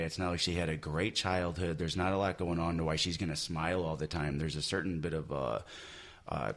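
Man, very low voice, comic artist, casual chat, rambling fillers. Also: fairly bright tone. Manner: rambling, many you-knows and restarts.

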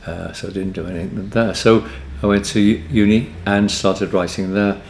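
A man's voice: on the low side, fairly even intonation, moderate pace, creaky, darkish tone, slight background noise. Older Liverpool man in a roomy space. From Liverpool area, England. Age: 80s. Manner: meandering, stops and restarts, wry. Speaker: poet guest. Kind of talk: relaxed anecdotal interview answers. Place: hotel book room, indoors. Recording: roomy echo, faint ambience.

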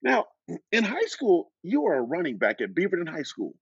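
A man's voice: high voice, huge pitch swings, normal speed, slightly rough, no room sound, highs cut off, pitched above the performer's own voice, exaggerated voice. A man voicing an older male team owner as a friendly, eager boss in a retold story.

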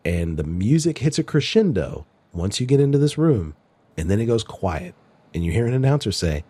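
A man's voice: on the low side, very animated, moderate pace, warm tone, husky, dry recording. A man narrating a tabletop game as game master, joking and laughing often.

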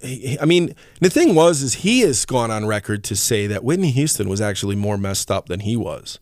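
A man hosting his own podcast in casual chat, rambling and animated, with lots of fillers and the odd curse. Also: lowish voice, normal speed, no room sound, clean studio sound. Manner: rambling, animated storyteller with frequent fillers and profanity. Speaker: podcast host.

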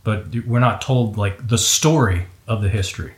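A man hosting a relaxed interview, friendly and agreeable, often chiming in with short replies. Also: fairly low pitch, moderate pace, reverberant. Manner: affable, chatty, agreeable interjections. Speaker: interview host. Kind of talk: casual conversational interview.

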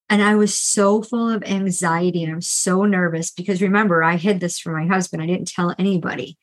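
A woman's voice: lowish voice, fairly even intonation, rough recording. Earnest middle-aged woman confessing money woes. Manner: confessional and earnest, retelling her own debt story; restarts often and adds quick asides like "right?". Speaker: financial coach. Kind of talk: candid solo podcast monologue.

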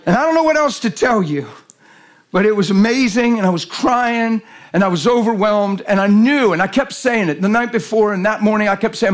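A man, preaching as a guest speaker in a folksy storytelling way that rises to shouted emphasis. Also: sits high, lively intonation, brisk. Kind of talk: sermon.

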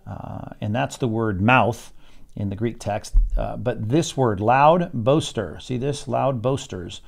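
Leading an evening Bible study, a pastor with a creaky, medium-pitched voice reads scripture aloud and then explains it. He thinks out loud as he goes, pausing often and repeating words.

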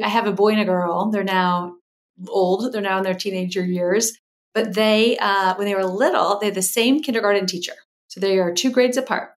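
A middle-aged woman, a guest expert on a podcast, explaining communication habits in a lively way and acting out quoted voices. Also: medium pitch. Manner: animated, acts out quoted voices, explains in lists. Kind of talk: podcast interview.

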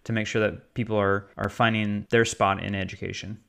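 Male host, lower pitch, calm interviewer. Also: brisk, vocal fry, smooth. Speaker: podcast host. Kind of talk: casual interview.

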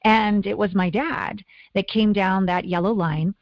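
A middle-aged woman from Canada, a guest telling her life story in an earnest, animated way. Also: medium pitch, measured pace, no echo. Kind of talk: interview storytelling. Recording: dull lo-fi audio.

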